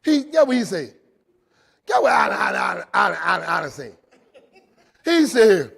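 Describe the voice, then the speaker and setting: A man telling his recovery story to a live audience in a jail, animated, swinging between loud and quiet and often checking in with "right?". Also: high-pitched, moderate pace, creaky, pauses often, breathy edge. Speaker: recovery speaker. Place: jail, indoors.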